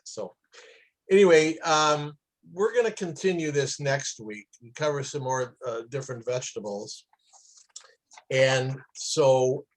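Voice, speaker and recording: A man teaches a class on kosher cooking, telling stories in a loose, chatty way. He often hesitates with fillers. His pitch sits in the middle range. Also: poor audio. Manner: chatty, anecdotal, with many fillers. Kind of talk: casual storytelling lecture.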